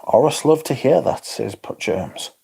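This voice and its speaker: A man's voice: medium pitch, expressive, unhurried, vocal fry, dark tone, husky. Chatty man on a livestream. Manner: swearing, chatty, reads viewer comments aloud. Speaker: livestream host reading chat. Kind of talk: casual livestream chat.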